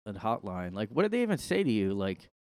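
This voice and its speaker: A man's voice: mid-range voice, sing-song, quick pace, darkish tone, clear, resonant tone, dry recording. A man hosting his own podcast in a casual, rambling monologue, sarcastic and full of "like". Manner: rambling, sarcastic, heavy use of "like". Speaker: podcast host. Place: his room.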